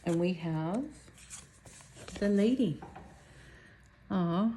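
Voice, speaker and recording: A woman gives a casual tarot reading in a fairly low voice, chatty and upbeat. She talks straight to her viewers, and a faint hiss with small clicks sits behind her. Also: extremely slow, dark tone. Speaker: tarot reader.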